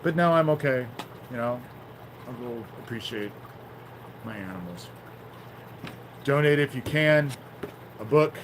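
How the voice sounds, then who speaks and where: A man talking on a phone livestream in a rambling, profane way that flares into angry shouting. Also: mid-range voice, animated, unhurried, long pauses, a little hiss or hum, low-quality recording. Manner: rambling, swears often, flares into shouting anger. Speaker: livestream host. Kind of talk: casual livestream talk.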